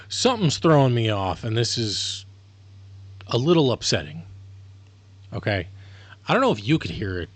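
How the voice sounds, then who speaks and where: A man's voice: mid-range voice, dry recording. A tired man talking casually and rambling on a live stream, swearing freely as he goes. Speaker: streamer learning a language.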